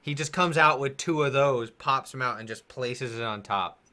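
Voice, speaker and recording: A man's voice: medium pitch, normal speed, pushed and bright. A man running a tabletop game as game master, describing scenes in a rambling way and laughing often.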